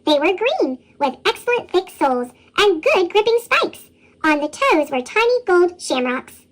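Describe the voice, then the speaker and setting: A woman reading a children's picture book aloud, her voice sped into a squeaky chipmunk pitch. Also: a little slow. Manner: lively, expressive reading. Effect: chipmunk pitch shift. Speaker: storybook reader. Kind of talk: read-aloud children's story.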